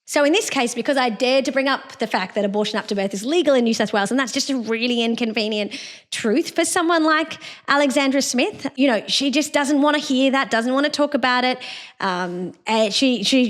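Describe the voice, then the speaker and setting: A woman's voice: fairly high pitch, a little fast. A woman hosting a podcast, giving an indignant, scornful solo commentary with derisive laughs. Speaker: podcast host.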